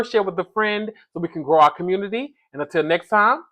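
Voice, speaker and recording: A man's voice: sits high, fairly quick, sharp tone. Chatty man recapping reality TV. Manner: chatty, gossipy, talks straight to viewers. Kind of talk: casual recap commentary.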